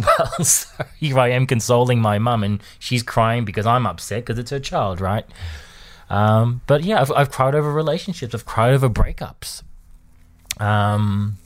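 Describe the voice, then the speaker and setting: Hesitant man in his thirties. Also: lowish voice. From Australia. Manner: hesitant, restarts and repeats words, soft laughs. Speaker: vlogger. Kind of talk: candid personal monologue.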